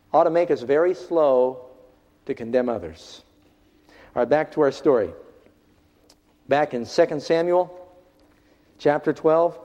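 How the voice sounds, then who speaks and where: A male pastor preaching a sermon, swinging from raised, emphatic lines to hushed ones. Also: on the high side. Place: church hall. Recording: dull reverberant hall recording.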